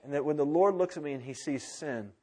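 Pastor, male, fairly high voice; impassioned sermon delivery, loud to hushed. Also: fairly quick. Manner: impassioned preaching, swinging from loud urgency to hushed intimacy. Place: church sanctuary with congregation.

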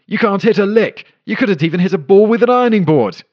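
A man voicing a brash woman baseball fan who yells taunts from the stands. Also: high-pitched, animated, fast, highs cut off, voice pushed up. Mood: taunting. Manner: yelling taunts.

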